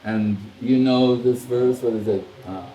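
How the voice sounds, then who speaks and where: A man's voice: mid-range voice, unhurried, slight background noise. Roomy-sounding male storyteller. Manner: animated storyteller, acts out quoted dialogue, chuckles. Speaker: spiritual teacher. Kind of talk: casual storytelling discourse. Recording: roomy echo with faint ambience.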